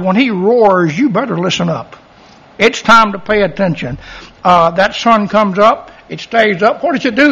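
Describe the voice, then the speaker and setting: Male preacher, husky, folksy animated sermon, muffled lo-fi recording. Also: sits high.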